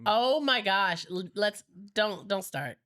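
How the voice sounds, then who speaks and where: A woman hosting a casual couples podcast with a stuffy, congested nose, telling stories in an animated, teasing way. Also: mid-range voice, slow. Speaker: podcast host.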